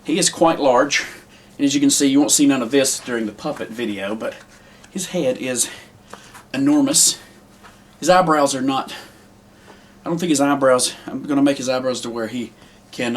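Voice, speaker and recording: A man walking through his handmade puppet collection in a loose, unscripted way, with lots of pauses and restarts. His voice sits at an ordinary middle pitch. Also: a little hiss or hum. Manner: rambling, with many ums and restarts. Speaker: puppet maker. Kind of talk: casual show-and-tell.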